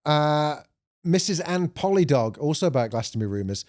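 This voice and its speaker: A man's voice: fairly high pitch, lively intonation, normal speed, a little mellow. A man co-hosting a casual chat podcast, reading out listener messages with plenty of swearing. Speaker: podcast co-host.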